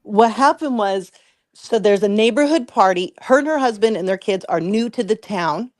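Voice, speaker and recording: A woman's voice: mid-range voice, animated, moderate pace, no echo, studio quality. A woman co-hosting a commentary podcast, retelling an online drama in a chatty, profane way with lots of "like.". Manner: chatty, profane, heavy use of "like". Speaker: podcast co-host. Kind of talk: casual commentary storytelling.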